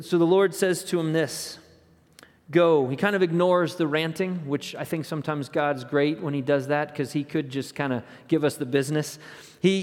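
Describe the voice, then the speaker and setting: A male pastor preaching a sermon, telling the story in a conversational way and dropping to hushed tones for emphasis. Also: a little high, big-room sound.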